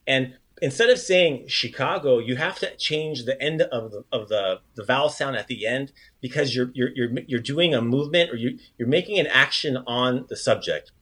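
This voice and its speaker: A man's voice: medium pitch, fairly bright tone. Upbeat man teaching phrases on a podcast. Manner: upbeat, encouraging, repeats phrases slowly. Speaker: language teacher, podcast host. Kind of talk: casual podcast language lesson.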